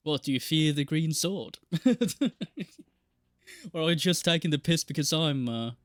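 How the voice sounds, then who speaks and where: A man's voice: on the high side, fairly quick, fairly bright tone, dry recording, studio quality. A man casually chatting while streaming a game live, rambling and joking with frequent laughs and the odd swear. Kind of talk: casual live gameplay chat.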